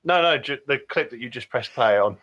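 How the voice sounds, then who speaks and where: A man co-hosting a comedy podcast, telling dry deadpan stories. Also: mid-range voice, brisk. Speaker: podcast co-host. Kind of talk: casual comedy chat. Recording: dull podcast audio.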